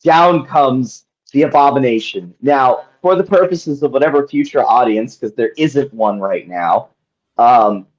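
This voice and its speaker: A man's voice: mid-range voice, animated, a little slow, lo-fi sound. A man narrating as game master in a tabletop game, rambling with lots of ums and likes.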